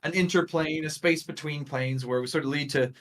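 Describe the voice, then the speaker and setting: A bright, chirpy young woman guide, as a male game master puts her on, talking high and lively. She gushes along, stumbling over her words and doubling them. A tabletop game role-play voice. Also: brisk, lightly acted. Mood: chatty. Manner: bubbly, hesitant, repeats words. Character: cheerful young woman tour guide, chatty.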